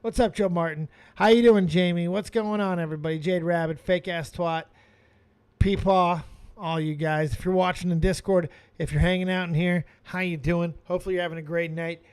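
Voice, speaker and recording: A man hosting a live stream, giving excitable watch-along commentary with frequent exclamations and swearing. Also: sits high, brisk, clear, resonant tone. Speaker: streaming host reacting to wrestling.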